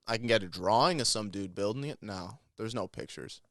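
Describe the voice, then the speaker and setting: A young man co-hosting a podcast, talking in a rambling, excitable way and swearing often. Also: fairly low pitch, a little fast, creaky, dry recording, studio quality. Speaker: podcast co-host. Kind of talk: casual chat.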